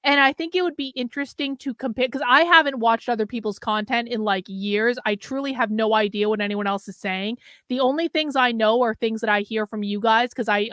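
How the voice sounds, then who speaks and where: Sarcastic woman host, high and dry. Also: a bit bright, dry recording. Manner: sarcastic, blunt, mocking. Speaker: commentary show host. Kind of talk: reaction commentary on a played clip.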